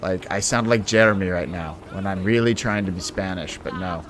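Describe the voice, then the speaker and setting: A man with a very deep voice hosts a gameplay video, talking casually over the game. He is playful and quick to make fun of himself. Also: fairly bright tone, slight background noise. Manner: playful and self-deprecating. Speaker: let's-play host.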